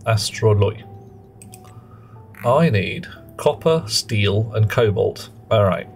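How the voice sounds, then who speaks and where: A man's voice: lowish voice, lively intonation, slow pace, vocal fry, faint music behind. A man streaming a game live, chatting in a jokey, rambling way and greeting viewers between explanations.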